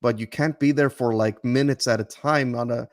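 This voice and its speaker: A man's voice: medium pitch, steady tone, moderate pace. An easygoing man in a casual chat who often reacts with short interjections.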